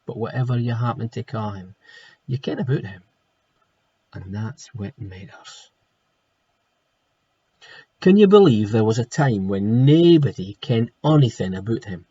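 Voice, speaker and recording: Husky Scottish teacher reading aloud. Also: male voice, fairly low pitch, sing-song, unhurried, pauses often, dark tone, lo-fi sound. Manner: homely, chatty, rolls into broad Scots words. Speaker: primary school teacher. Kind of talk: casual chat then reading a storybook aloud.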